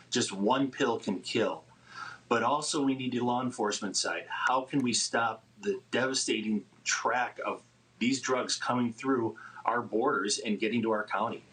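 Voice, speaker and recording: A man, a county official making an earnest, measured public statement. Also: on the low side, a bit bright, poor audio.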